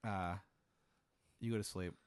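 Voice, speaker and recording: A man running an improvised comedic story as game master, with halting, restart-filled narration. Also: low-pitched, steady tone, clean tone, no echo, clean studio sound.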